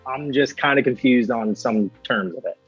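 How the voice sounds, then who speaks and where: A man's voice: mid-range voice, moderate pace, highs cut off, music in the background. A young man, a guest singer, chatting casually on a podcast, hesitant with many fillers and restarts. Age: young adult.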